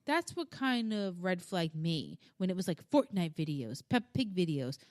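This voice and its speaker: A woman in her thirties co-hosting a podcast, telling stories in an animated, casual way, swearing freely and acting out the voices of people in her stories. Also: on the low side, moderate pace, no room sound, studio quality. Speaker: podcast co-host. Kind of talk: casual chat.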